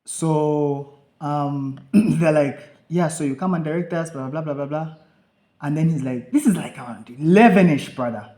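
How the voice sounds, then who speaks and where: Young man telling an animated story. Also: fairly high pitch, normal speed. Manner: animated, acts out quotes of himself and others. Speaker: podcast co-host. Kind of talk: casual storytelling chat. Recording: echoey room.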